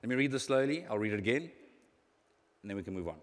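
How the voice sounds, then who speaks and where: Pastor, lively sermon delivery, mid-range voice, long hall reverb. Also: male voice, medium pitch, fast talker. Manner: lively, animated preaching with sudden swings in loudness.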